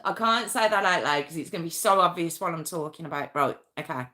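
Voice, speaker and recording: A woman's voice: fairly low pitch, brisk, few pauses, pushed and bright. A woman hosting a true crime live stream, chatting casually and rambling, often breaking off mid-sentence and answering her viewers. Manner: rambling, chatty, self-interrupting; talks straight to viewers, reacting to chat.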